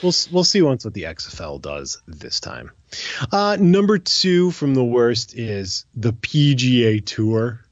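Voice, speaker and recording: A man's voice: medium pitch, measured pace, no room sound, muffled recording. A man co-hosting a casual podcast, joking and ranting about sports. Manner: animated, jokey rants. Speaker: podcast co-host. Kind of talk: casual chat.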